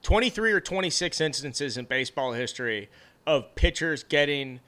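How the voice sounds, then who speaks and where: Bright, crisp-voiced man telling rambling sports stories. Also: a little high, normal speed. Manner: rambling storyteller, animated asides. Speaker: podcast co-host. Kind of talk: casual sports chat.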